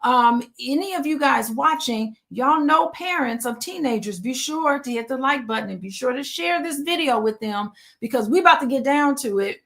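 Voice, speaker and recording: A woman therapist hosting a live-streamed interview, talking lively and casually with frequent laughs and relaxed slang. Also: high-pitched, moderate pace, hardly any pauses. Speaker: therapist and host.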